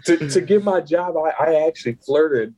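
A husky, middle-aged man tells a story in a loose, profane way. He jumps into other people's voices as he goes, and his voice has a breathy rasp to it. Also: fairly high pitch, moderate pace, poor audio. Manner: animated, profane, acts out quoted voices. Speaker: guest. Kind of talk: casual storytelling.

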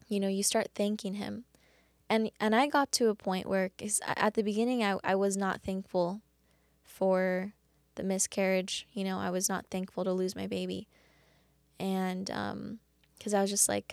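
A woman hosting a faith devotional talk, speaking earnestly and haltingly with many restarts. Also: mid-range voice, little pitch movement, creaky, a little mellow, no echo. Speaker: podcast host.

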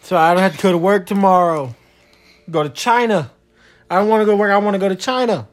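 A man's voice: high voice, fast, faint music behind. A man chatting casually with his child, teasing and joking in a loose, slangy way. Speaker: parent.

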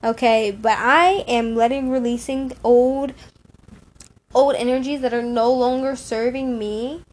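A woman's voice: a little high, steady tone, measured pace. A woman talking to her followers in a casual, heartfelt monologue that rambles, breaks off mid-sentence and keeps repeating affirmations. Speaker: spiritual vlogger.

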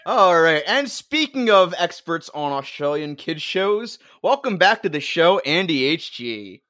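A man's voice: fairly high pitch, sing-song, unhurried, pushed and bright, dry recording, clean studio sound. A man co-hosting a comedy podcast, chatting casually with wry jokes and frequent laughter. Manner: wry, joking, laughs often. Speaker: podcast co-host.

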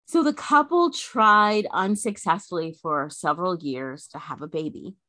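Woman, podcast co-host, casual chat, rambling with fillers, lowish voice, dry sound. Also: measured pace, pushed and bright, dry recording. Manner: chatty, laughs often, many fillers.

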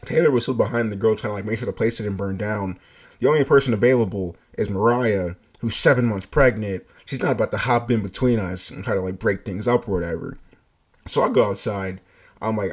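A man with a husky voice recounts a work story in casual, animated speech. He swears freely and breaks into laughter throughout. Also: lowish voice, a little fast. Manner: animated, profane, laughing asides. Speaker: fast-food shift lead.

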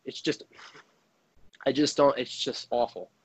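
A man's voice: mid-range voice, measured pace, husky, rough recording. A man delivering a heated, profane sports rant as a frustrated hockey fan, speaking into a microphone. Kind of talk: ranting sports commentary.

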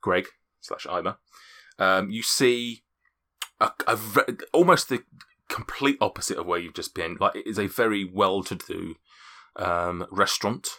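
A man narrating a tabletop game as game master, halting with many fillers and restarts. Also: sits low, sharp tone.

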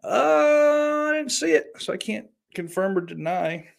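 A man's voice: high voice, lively intonation, a little slow, vocal fry. Blunt, profane man with a Southern accent. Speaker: host reading chat. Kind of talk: casual chat.

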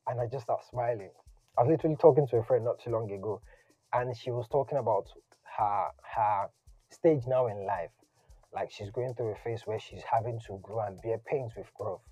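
A man giving a casual, conversational sermon, animated and slangy in his asides. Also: fairly low pitch, moderate pace, slightly rough, no room sound. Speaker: preacher. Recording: dull lo-fi audio, faint music.

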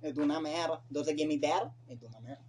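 A man mimicking a young male rapper in a low, flat monotone. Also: racing, crowd noise, lightly acted. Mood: deadpan mocking.

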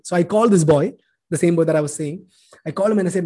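Brief: thirties preacher, high tenor, emotional heartfelt storyteller. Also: male voice, quick pace, warm tone, slightly rough. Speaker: preacher giving a testimony. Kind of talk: personal testimony sermon.

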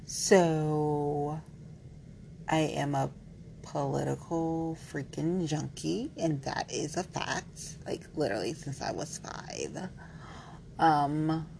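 A woman vlogger with a deep, darkish voice and vocal fry chats candidly to the camera, rambling, playful, frank and a bit giggly, saying "like" a lot. The audio is poor, with a faint hiss or hum.

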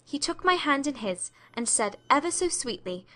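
A woman narrates a period story as a heartfelt letter. Her reading is emotive and confiding. Her voice is high and bright. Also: big pitch swings, normal speed. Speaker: audiobook narrator.

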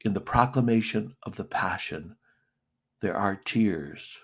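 A middle-aged male pastor preaching a sermon, slow and deliberate with emphatic pauses. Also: lowish voice, fairly bright tone, slightly rough.

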